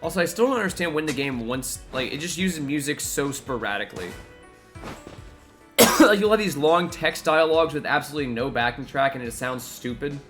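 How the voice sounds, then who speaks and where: A man's voice: fairly high pitch, animated, brisk, a bit bright, soft background music. A man chatting casually while playing a game live, reacting aloud to what happens on screen. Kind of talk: casual gameplay commentary.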